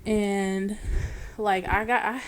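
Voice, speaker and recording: A woman's voice: medium pitch, takes it slowly. A young woman guest on a podcast, casually telling a long personal story and acting out the dialogue. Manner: animated storyteller, acts out quoted dialogue.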